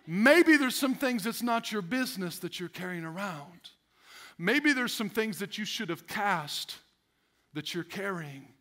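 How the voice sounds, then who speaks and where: A male pastor preaching a sermon, animated, laughing often and acting out the voices of stressed people. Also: high-pitched, measured pace. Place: church sanctuary.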